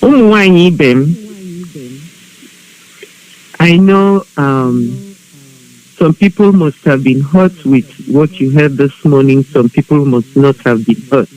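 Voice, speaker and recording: A woman making an earnest, measured appeal to fellow women, quoting proverbs. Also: low voice, warm tone, low-quality recording. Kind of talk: calm appeal to a group. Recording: live online broadcast with hiss.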